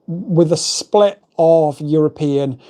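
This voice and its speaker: A man's voice: on the high side, slow pace, warm tone. Chatty man hosting a livestream. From England. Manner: chatty, rambling, reads out chat messages. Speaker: livestream host. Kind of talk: casual livestream chat reading viewer comments. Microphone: desk microphone.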